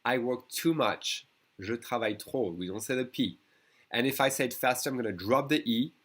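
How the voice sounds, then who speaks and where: A middle-aged man with a French accent, a native French speaker, teaching an online language lesson, modelling phrases and checking in with "d'accord?". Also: mid-range voice.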